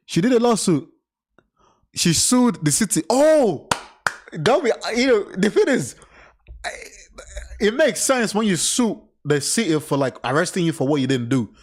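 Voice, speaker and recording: A man with a somewhat high voice doing casual reaction commentary on a crime case. He reads passages aloud, then breaks off into blunt, profanity-laden remarks. His talk is loose, animated and unscripted. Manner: blunt, swears often, animated side remarks.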